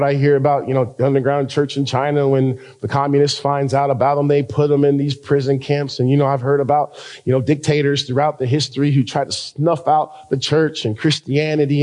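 A man's voice: a little high, low-quality recording. Impassioned American male pastor preaching. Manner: impassioned preaching, rising to loud emphatic peaks; stretches key phrases slowly for emphasis. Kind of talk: sermon.

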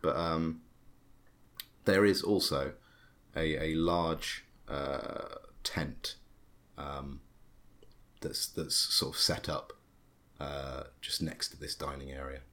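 A man's voice: rumbling low, fairly even intonation, slow pace, a bit bright. A man narrating a tabletop game as game master, hesitant with many fillers and restarts.

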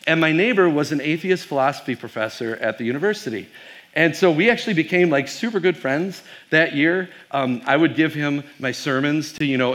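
A man's voice: medium pitch, a bit bright. A man, a pastor, giving a casual keynote talk to a youth audience, telling stories with fillers and quizzing the crowd.

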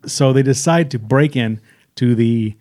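A man's voice: medium pitch, measured pace, a little mellow. A man co-hosting a movie review podcast, retelling scenes in a rambling way with frequent fillers and laughs. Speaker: podcast co-host. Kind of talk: casual movie review chat.

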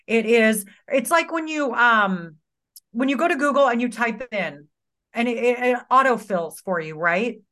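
A woman's voice: fairly high pitch, animated, normal speed, a bit bright. A woman guest in a casual chat, often chiming in with agreement and swearing casually. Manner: affirming, frequent short agreements, swears casually.

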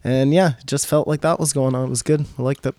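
A man co-hosting a podcast, opinionated and animated in casual chat, with casual swearing. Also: mid-range voice, fast, dry recording. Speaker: podcast co-host.

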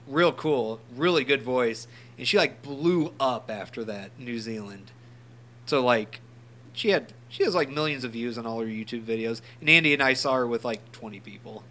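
Bright-voiced guy telling a story. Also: mid-range voice, moderate pace, slight background noise. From St. Louis area. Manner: storytelling, laughs often, swears. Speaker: podcast co-host. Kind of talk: casual chat.

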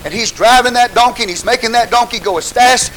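A man preaching a sermon with fervor, rising at times to shouts and calling out hallelujah to the congregation. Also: extremely high pitch, quick pace, a little hiss or hum, rough recording. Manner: calls out hallelujah, asks the congregation questions.

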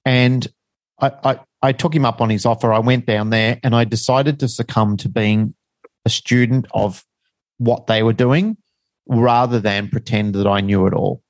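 A man's voice: medium pitch, fairly even intonation, normal speed, dry recording. A middle-aged man, telling a personal story as a guest in a frank, rambling, self-deprecating way.

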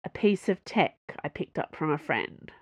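A woman's voice: deep voice, animated, moderate pace, breathy edge, dry recording, clean studio sound. A woman voicing a proud, guarded man taken captive, speaking curtly in an audiobook. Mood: gruff.

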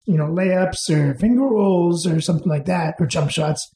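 Man, raised in Canada, slightly high voice, mellow tone, roomy echo, rambling storyteller. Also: moderate pace, gravelly. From England, raised in Canada. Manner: relaxed, rambling with fillers and restarts. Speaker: interview guest. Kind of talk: casual storytelling.

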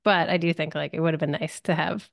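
Soft-spoken woman with a low voice. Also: steady tone, quick pace, creaky, dry recording, studio quality. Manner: soft-spoken, laughs often. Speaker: podcast co-host. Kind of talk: casual chat recapping a TV episode.

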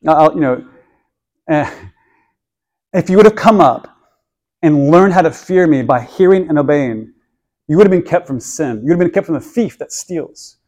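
A male pastor preaching with an earnest, pleading delivery. His voice sits a little high for a man, and he often stumbles over and repeats words as his point builds. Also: expressive, normal speed, pauses often, darkish tone. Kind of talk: sermon.

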